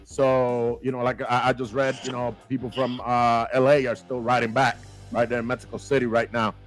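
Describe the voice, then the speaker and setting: A man hosting a casual livestream, greeting viewers with lively shout-outs and dropping in Spanish phrases. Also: mid-range voice, moderate pace, faint music behind. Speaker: show host.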